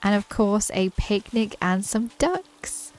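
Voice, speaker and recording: A woman's voice: mid-range voice, animated, slow pace, a little mellow, faint music behind. A woman from the UK with a British accent, giving a chatty, enthusiastic commentary as she tours a game island, laughing often. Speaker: gaming channel host. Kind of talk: casual game tour commentary.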